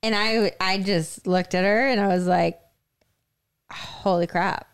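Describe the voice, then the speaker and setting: Smooth-voiced young woman telling a story. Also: mid-range voice, fairly even intonation, normal speed. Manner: storytelling, frequent fillers. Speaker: podcast co-host. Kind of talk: casual podcast chat.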